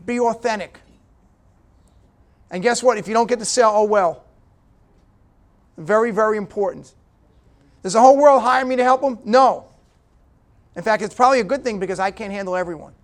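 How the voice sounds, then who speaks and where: High-voiced man giving a punchy motivational talk. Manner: punchy, direct, talks to the audience with repeated "okay?". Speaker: guest speaker at a business breakfast. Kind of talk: motivational speech.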